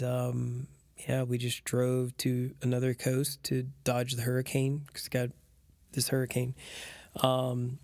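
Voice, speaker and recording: A man's voice: medium pitch, creaky, darkish tone, no room sound, studio quality. A man, an adoptive father, telling a rambling story in casual chat with lots of fillers.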